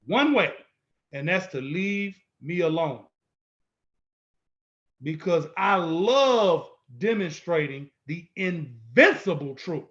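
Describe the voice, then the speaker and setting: Man, higher-pitched, bold and confrontational instructor; dull lo-fi recording. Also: a bit bright. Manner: emphatic, repetitive, bold and confrontational. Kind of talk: lecture-style video walkthrough.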